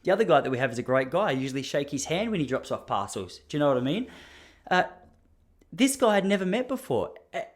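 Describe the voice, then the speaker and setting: Animated Australian man telling a ranting story. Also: a little high, fast. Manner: animated and ranting, with mock outrage. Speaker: podcast host. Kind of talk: casual storytelling monologue.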